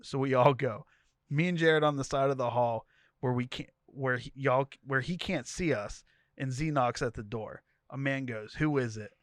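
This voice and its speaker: A man's voice: mid-range voice, moderate pace, no echo, clean studio sound. A podcast co-host reading a wild tweet thread aloud, laughing as he goes and giving each character's lines a voice. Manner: animated storytelling, laughing between lines.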